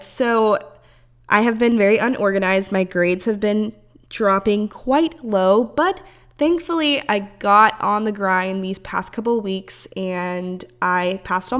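A woman's voice: mid-range voice, a bit bright. A woman in her early twenties hosting a podcast in a casual, rambling way, swearing freely as she talks. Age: early 20s. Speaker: podcast host.

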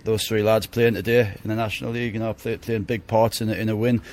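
A man's voice: on the low side, little pitch movement, fast talker, darkish tone. A man, a football manager giving a plain-spoken post-match interview and often repeating words as he thinks.

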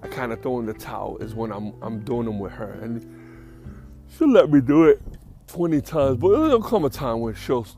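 A man's voice: mid-range voice, animated, normal speed, a little mellow, soft background music. A man hosting a podcast, telling rambling, profane, self-amused stories in casual talk. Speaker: podcast host. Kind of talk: casual storytelling.

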